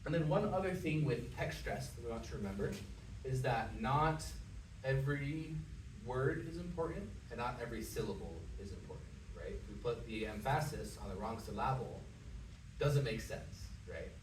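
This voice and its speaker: A man's voice: medium pitch, animated, normal speed. A man giving a one-on-one singing lesson, patient and encouraging, talking with many fillers. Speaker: voice teacher. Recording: echoey room, mic far off, background noise.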